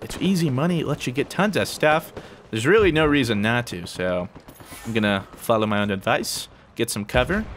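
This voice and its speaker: A young man giving live commentary on a game he is playing, yelping when startled and making cocky asides to viewers. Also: a little high. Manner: excitable, yelps and squeals when startled. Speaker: gaming video host.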